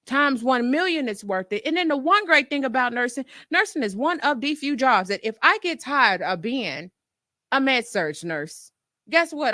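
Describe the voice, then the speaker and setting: A woman nurse hosting her own show, chatting to listeners in a lively way and acting out her own past reactions. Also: a little high, no room sound, studio quality. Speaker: nurse and podcast host. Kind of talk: casual storytelling to listeners.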